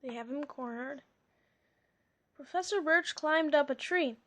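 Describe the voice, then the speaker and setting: A woman's voice: high voice, fairly bright tone. A woman reading a children's storybook aloud, breaking off for casual, amused comments. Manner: slow, chatty, amused asides. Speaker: reader.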